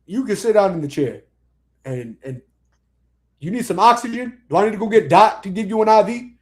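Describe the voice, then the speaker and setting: A man's voice: sits high, animated, brisk, darkish tone. A man co-hosting a casual sports chat, barking orders at players in a mock drill-sergeant manner. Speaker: podcast co-host.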